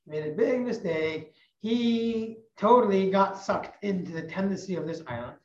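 A woman teacher telling a religious parable in an animated, emphatic way, often repeating phrases. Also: medium pitch, moderate pace. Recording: echoey, muffled recording.

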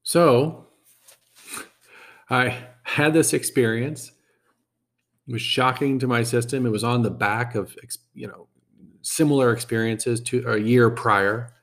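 A man's voice: medium pitch, fairly even intonation, fairly bright tone. Reflective man telling a personal story. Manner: reflective, halting, repeats words.

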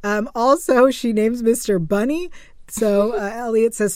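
A woman's voice: a little high, a little slow, mellow, dry recording, clean studio sound. A woman co-hosting an after-show podcast, recapping an episode in a casual, chatty way with frequent fillers and small laughs. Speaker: podcast co-host.

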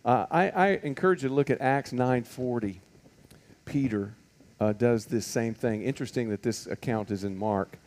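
Mellow-voiced man teaching Bible class. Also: medium pitch, moderate pace. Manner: conversational, full of rhetorical questions and fillers. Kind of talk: casual Bible teaching to a group.

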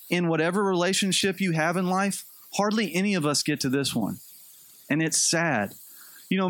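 Male pastor, sermon, high voice, casual storytelling, joking asides, dry close sound. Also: no echo. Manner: conversational, animated storytelling with light humor.

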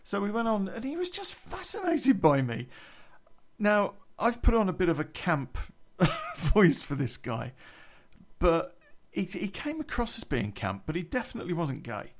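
A man's voice: high-pitched, wildly swooping pitch, a little slow. A middle-aged man telling a casual anecdote, chatty and laughing often. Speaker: podcast storyteller.

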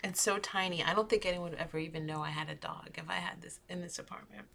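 Bright animated woman podcast host. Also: fairly low pitch, quick pace, gravelly. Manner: animated storyteller, swears, acts out animals. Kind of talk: casual chat.

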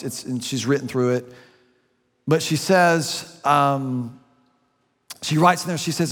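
A middle-aged man preaching a sermon as a pastor, earnest and conversational, slowing down and speeding up for emphasis. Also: medium pitch, long reverb tail. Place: church sanctuary.

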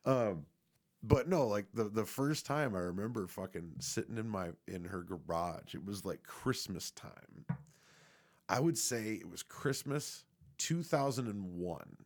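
A man's voice: on the low side, animated, a little slow. A young man casually telling a rambling personal story, laid-back and swearing often.

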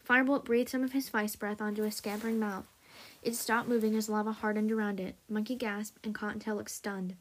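A woman hosting a story podcast, reading a story aloud in a steady, even way. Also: mid-range voice, brisk.

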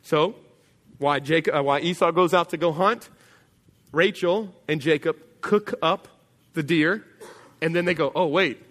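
A pastor preaching a sermon in a church, telling a story conversationally and dropping to a quiet voice for emphasis. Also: male voice, a little high, measured pace, long pauses, in a large hall.

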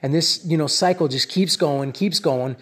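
A man telling a personal story that turns into a lesson, talking in an animated, rambling way and often checking in with "right?" and "you know?". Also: on the high side, moderate pace, breathy edge. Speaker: speaker addressing his audience.

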